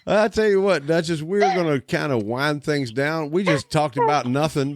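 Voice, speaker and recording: A man's voice: on the high side, moderate pace, no echo. A man co-hosting a casual podcast, joking crudely and swearing heavily. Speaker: podcast co-host. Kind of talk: casual chat.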